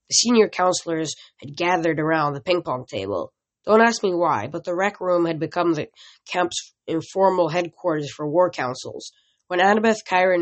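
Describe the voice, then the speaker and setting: A reader narrating a novel in the first person, with a plain reading style and occasional stumbles. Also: mid-range voice. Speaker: audiobook reader.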